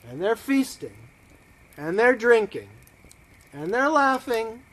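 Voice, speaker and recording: Animated, unhurried male rabbi storyteller. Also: very high-pitched. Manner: dramatic, drops to near whispers and swells. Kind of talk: storytelling to a congregation online.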